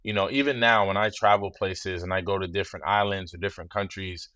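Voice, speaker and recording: A man in his thirties talks as a guest in a relaxed interview. His low voice is measured and reflective, and he often drops in "you know." The recording is close and dry. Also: no echo. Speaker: guest, former football player.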